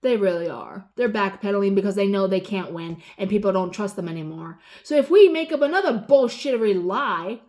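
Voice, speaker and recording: A woman in her forties ranting casually, rambling and swearing, losing her train of thought and swinging between loud exasperation and low muttering. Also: lively intonation, brisk, hardly any pauses. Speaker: vlogger. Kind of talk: casual rant.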